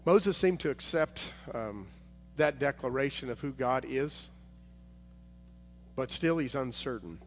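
A man's voice: mid-range voice, lively intonation, unhurried, pauses often. A male preacher giving a sermon, retelling a Bible story in a conversational, vivid way. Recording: hall reverb, faint noise.

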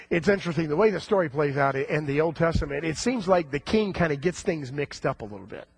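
A male preacher with a fairly high, gravelly voice tells a story with lively, acted-out voices. His tone is husky, and the sound is dry and close. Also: fairly quick, few pauses, no room sound. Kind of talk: sermon.

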